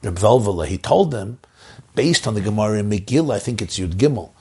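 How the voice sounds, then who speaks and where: A rabbi delivers an inspirational talk to a room of community leaders. His voice sits low and husky with a gravelly edge. He preaches with passion, his pitch leaping upward whenever he drives a point home. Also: animated, brisk, darkish tone. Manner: impassioned, with big swings up in pitch for emphasis.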